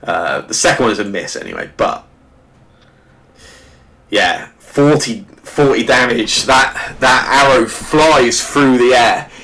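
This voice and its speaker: A man narrating a tabletop game as game master, halting often with "sort of" and restarts. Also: medium pitch, expressive, pushed and bright.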